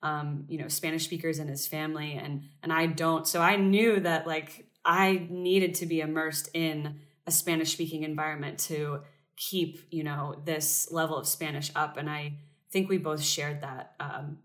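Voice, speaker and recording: Guest: young American woman with a very low voice, chatty, filler-heavy. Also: little pitch movement, a little slow, a bit bright. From United States. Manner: chatty, many fillers and restarts. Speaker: interview guest. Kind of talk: casual conversational interview.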